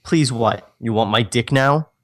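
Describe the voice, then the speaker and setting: A man voicing a jealous, furious young man who curses and accuses in a mid-pitched voice. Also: measured pace, close to an everyday voice. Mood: menacing. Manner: angry, cursing, confrontational.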